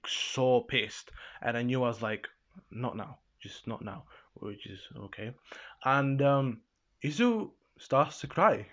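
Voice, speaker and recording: A man's voice: medium pitch, a bit bright. A young man casually recapping an episode in a rambling way, full of fillers and laughs. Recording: slightly dull lo-fi sound.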